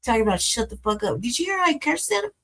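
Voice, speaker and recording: A woman's voice: fairly high pitch, very animated, fast, creaky, pushed and bright, poor audio. A woman host with African American English, giving blunt, profane commentary as she reacts to a debate clip. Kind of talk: casual commentary.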